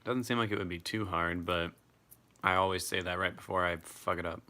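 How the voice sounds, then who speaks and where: Deep, bright-toned young man chatting. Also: fairly quick. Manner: relaxed, chatty, swears freely. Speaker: live streamer. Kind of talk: casual live chat reading comments.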